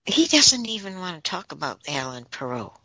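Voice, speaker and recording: A woman's voice: on the low side, very animated, moderate pace, pushed and bright, dry recording. A woman on a talk podcast, relaying messages she says she is receiving, in a casual chatty way. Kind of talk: casual channeling chat.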